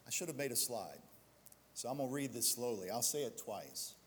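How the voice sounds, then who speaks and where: A man's voice: mid-range voice, sing-song, brisk, big-room sound, slight background noise. A male pastor preaching a sermon, building to emphatic exhortation and slipping into self-deprecating storytelling asides.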